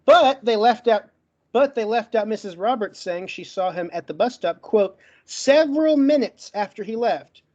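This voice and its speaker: A man with a stutter giving a brisk, emphatic closing argument as a guest in an online debate, listing facts one after another. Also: high voice, expressive, darkish tone, highs cut off. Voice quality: stutters, gets stuck on words.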